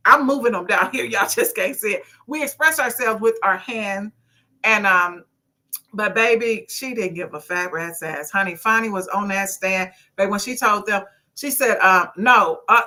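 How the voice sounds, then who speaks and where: Woman livestream host, bright, expressive storyteller, casual commentary. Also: fairly high pitch. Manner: animated, expressive storytelling with frequent asides.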